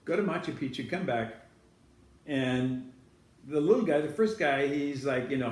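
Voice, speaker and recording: A man's voice: mid-range voice, fairly quick, darkish tone. Rambling man telling a story in an echoey room. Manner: rambling, self-correcting anecdotes. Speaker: host telling a personal story. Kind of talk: casual storytelling to camera. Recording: echoey room, far from the mic.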